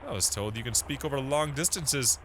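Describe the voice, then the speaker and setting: A man's voice: mid-range voice, brisk, fairly bright tone, a little hiss or hum, lightly acted. A man voicing a friendly, food-loving male innkeeper in a video game. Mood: hearty.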